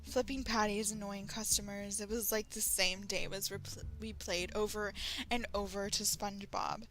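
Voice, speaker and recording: A woman from Texas reading fan fiction aloud as a channel host, in an animated way and often breaking off to react. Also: mid-range voice, normal speed, soft background music, poor audio. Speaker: story reader, channel host.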